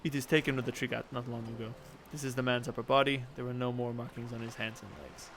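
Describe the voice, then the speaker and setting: A man reading aloud as a composed middle-aged woman envoy, in a measured, formal and diplomatic way. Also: medium pitch, level tone, background noise, lightly acted. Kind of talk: reading game dialogue aloud.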